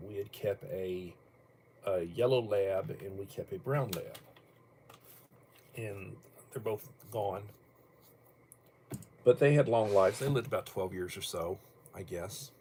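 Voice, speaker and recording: Older man, low voice, rambling livestream chat, blunt and opinionated, faint background noise. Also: warm tone. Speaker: livestream host. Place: at home.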